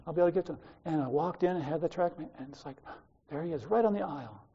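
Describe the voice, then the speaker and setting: An older Australian man preaches in a loose, conversational way, drifting into personal stories and asides. His voice is dark and mellow. The recording is slightly muffled and lo-fi. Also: on the high side, quick pace, slightly rough. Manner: conversational storytelling, wandering asides.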